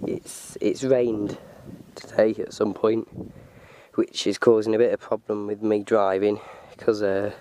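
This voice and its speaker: A man's voice: fairly low pitch, flat delivery, dark tone, slight background noise. A man vlogging on a walk up a hill, rambling with lots of ums, holding the camera himself. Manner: rambling, halting, many ums. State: out of breath. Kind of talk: casual vlog while driving and walking. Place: outdoors on a wooded hill. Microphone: handheld camera.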